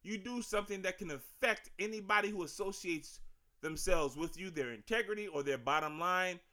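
A man's voice: sits high, normal speed, sharp tone. Emphatic D.C. man ranting on a podcast. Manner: emphatic, slangy, profane ranting. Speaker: podcast host. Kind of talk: casual sports and culture commentary.

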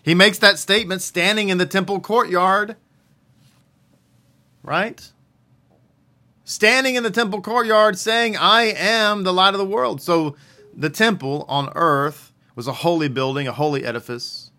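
A man's voice: medium pitch, bright, forceful tone. A man giving a religious teaching in a conversational way, often asking questions and then answering them himself. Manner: conversational, asks and answers his own questions.

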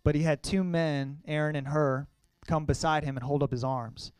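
Young male speaker for an emotional church testimony: casual and earnest, with a smooth, clear voice. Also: a little high, fairly even intonation, darkish tone, no room sound. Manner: earnest, conversational, halting with emotion. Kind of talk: personal testimony to a congregation.

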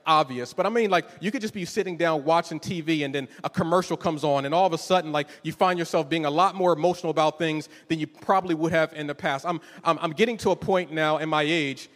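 A man's voice: on the high side, fast talker, few pauses, a bit bright, big-room sound. A man in his forties preaching a conversational, emotional sermon in a church, often repeating words as he starts a thought. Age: 40s. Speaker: pastor.

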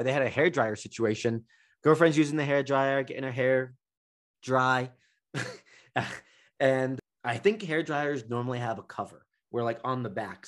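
Man, podcast host, casual rant, profane storytelling, mid-pitched voice. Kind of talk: casual monologue.

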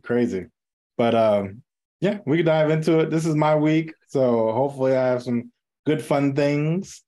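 A man's voice: mid-range voice, moderate pace, dark tone. A man co-hosting a casual podcast chat, with loose slangy talk and frequent laughter. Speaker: podcast co-host.

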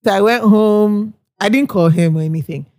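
A young woman, co-hosting a podcast and telling an anecdote in casual chat, animated and quick to laugh as she acts out what people said. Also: medium pitch, dry recording. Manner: animated, laughing often, acting out quoted people. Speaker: podcast co-host.

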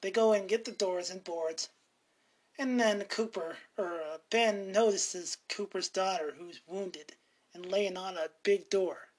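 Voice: medium pitch, measured pace. A speaker casually recapping a horror movie in a rambling way, often correcting themselves mid-sentence. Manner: rambling, frequently self-correcting.

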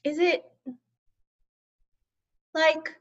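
A woman's voice: high-pitched, flat delivery, very slow, highs cut off. A woman co-hosting a podcast in casual chat, wry and joking. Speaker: podcast co-host.

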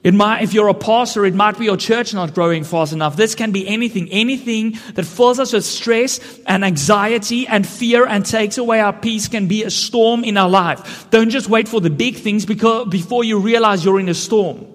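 High-pitched guy preaching earnestly, big echo from the hall. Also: moderate pace, few pauses. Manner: earnest, building to emphatic questions. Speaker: pastor. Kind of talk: sermon. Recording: long hall reverb.

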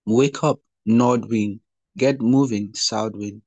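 A man's voice: mid-range voice, steady tone, darkish tone, no echo, lo-fi sound. A longing young woman, as a man reads her part. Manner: slow, earnest scripture reading.

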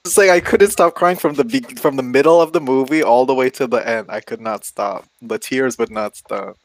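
Animated casual man, dry sound. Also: medium pitch, moderate pace, no echo, low-quality recording. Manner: animated storyteller, swears, laughs often. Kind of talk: casual chat.

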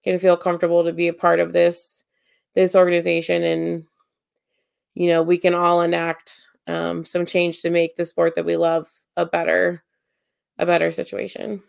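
Woman, podcast co-host, lowish voice, gravelly fry, chatty with fillers. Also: monotone, normal speed, no room sound, studio quality. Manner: chatty, many fillers and restarts. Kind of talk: casual podcast sign-off.

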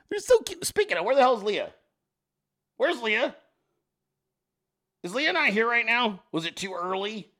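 A man's voice: a little high, pushed and bright. A man hosting a casual livestream, sarcastically riffing on viewer pictures and swearing freely. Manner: profane, sarcastic, riffing at the audience. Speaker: livestream host.

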